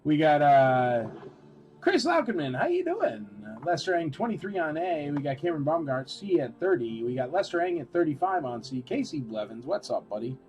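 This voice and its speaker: A man's voice: on the high side, very animated, moderate pace, darkish tone, faint music behind. A man hosting a casual live-stream auction, chatty and rambling with lots of filler words.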